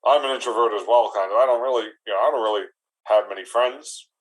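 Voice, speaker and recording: A man doing a deadpan orc bouncer. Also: medium pitch, quick pace, natural voice, rough recording. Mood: rambling. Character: laid-back lonely male orc bouncer.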